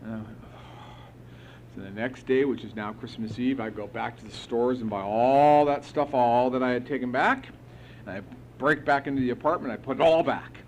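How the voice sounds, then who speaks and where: Middle-aged man telling a lively recovery story. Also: medium pitch, moderate pace, slight background noise, rough recording. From United States. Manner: animated storyteller acting out dialogue, chuckling. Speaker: recovery meeting speaker. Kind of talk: personal recovery story told to a meeting. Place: meeting hall.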